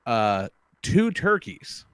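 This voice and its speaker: A man hosting a podcast, telling a long story in casual chat, animated and full of swearing. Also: mid-range voice, drawn-out words, clear, resonant tone, dry recording. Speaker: podcast host.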